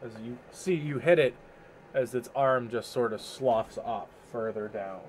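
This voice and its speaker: A man runs a tabletop game as its game master, narrating in a relaxed, casual way. His voice sits at an everyday pitch, with a faint hiss of background noise. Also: moderate pace.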